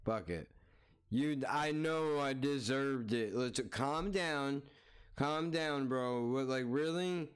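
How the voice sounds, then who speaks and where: A man's voice: medium pitch, slow pace, clear, resonant tone. A man reacting to a video with exasperated, mocking, profane commentary, often repeating himself.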